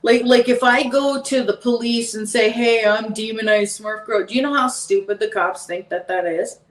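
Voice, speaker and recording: Fiery woman guest, repeats herself for emphasis, slightly high, far from the mic in an echoey room. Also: normal speed. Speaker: podcast guest. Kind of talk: casual podcast chat.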